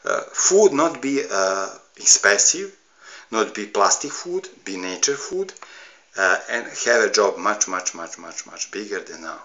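A middle-aged man from Serbia with a Serbian accent, ranting to camera in halting, broken English, heated and pleading. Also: lowish voice, very animated, pushed and bright, poor audio. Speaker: vlogger. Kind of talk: emotional rant to camera.

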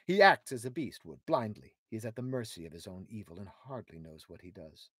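A man reading aloud as a calm, shrewd young warrior hero who speaks in a measured, reasoning way. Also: on the low side, husky, no room sound, studio quality. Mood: steady.

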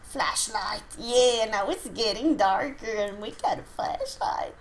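Norwegian woman doing a let's play, slow and chatty, jumpy, bit of hiss behind. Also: a little high, animated, rough recording. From Norway. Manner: chatty, easily startled, laughing. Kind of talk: casual gameplay commentary.

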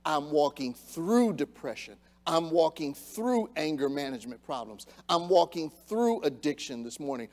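A male pastor preaching a sermon in church, swinging between quiet reflection and loud, fired-up exhortation. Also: on the high side, animated, normal speed, hardly any pauses. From United States. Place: church sanctuary.

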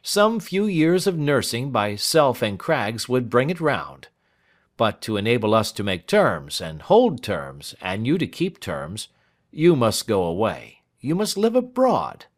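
A man voicing a dry, shrewd, whimsical male lawyer who is quick with pointed questions. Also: medium pitch, huge pitch swings, pitched above the performer's own voice. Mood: persuasive.

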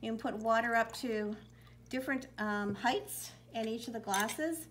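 Gentle woman reading a children's Bible story. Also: a little high, measured pace, background noise. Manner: gentle, warm storytelling with fillers. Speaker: children's worship leader.

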